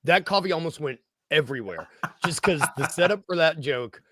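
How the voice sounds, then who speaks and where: A man's voice: on the high side, animated, fairly quick. A man hosting a casual sports podcast, jokey and self-deprecating, rambling through his points. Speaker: podcast host.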